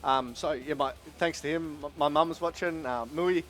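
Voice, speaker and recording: A man giving a halting, tearful thank-you speech after winning a tournament, close to crying and swearing now and then. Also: on the high side, a bit bright, faint music behind. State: emotional, close to tears. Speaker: tournament winner. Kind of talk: emotional post-match thank-you speech. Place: tournament venue.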